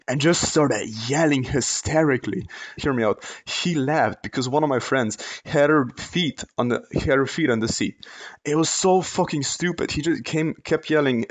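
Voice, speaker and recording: A young man, telling a story in a casual, rambling way with many fillers and restarts. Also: mid-range voice. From Slovenia. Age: late teens. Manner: rambling, lots of fillers and self-corrections, laughs while telling. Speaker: vlogger, storyteller.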